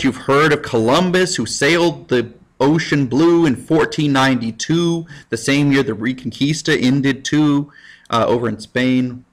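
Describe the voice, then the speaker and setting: A man, a high school history teacher, giving a casual recorded lecture with jokey, self-mocking asides.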